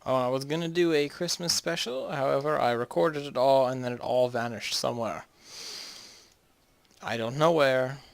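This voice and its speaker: A man's voice: medium pitch, moderate pace, vocal fry, dry recording. A man casually commenting on a strategy game he plays, rambling and joking, often restarting his sentences. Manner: rambling, jokey, trails off mid-sentence. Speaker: gaming video host.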